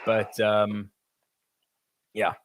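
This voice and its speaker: A man's voice: fairly low pitch, completely flat delivery, drawn-out words, slight background noise. A man from France co-hosting a podcast in casual chat, reading out listener messages, laughing and swearing easily. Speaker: podcast co-host.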